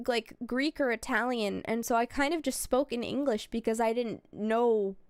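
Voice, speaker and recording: Young woman, casual streamer chat; high, smooth voice, close and dry. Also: normal speed, no room sound. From United States. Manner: rambling, chatty, laughs and swears often. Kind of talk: casual chat, telling a travel story.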